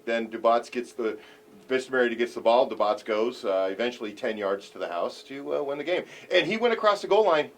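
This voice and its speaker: A man co-hosting a sports talk show, breaking down games and teasing the host in a dry way. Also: mid-range voice. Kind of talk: sports analysis and banter.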